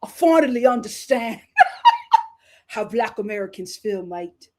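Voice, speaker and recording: A woman mimicking an earnest British man, lowered voice. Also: expressive, measured pace, mellow. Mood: mocking. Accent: British (put on). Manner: mocking imitation, lowered and drawled.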